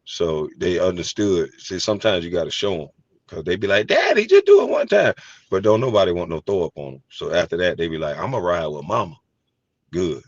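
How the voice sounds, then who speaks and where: A middle-aged man hosting a casual chat, telling animated, profane stories and laughing easily. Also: sits low, fairly quick, dry recording. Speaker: host. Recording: dry, slightly dull sound.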